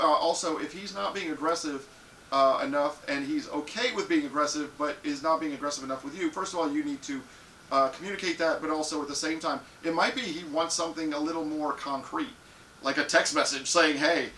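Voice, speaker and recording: A man hosting a live show, giving crude, frank advice to viewers and acting out loud little scenes. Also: a little high, recorded from a distance. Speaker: live show host answering viewer questions. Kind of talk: casual live-stream advice talk. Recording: echoey room, off-mic, faint hiss.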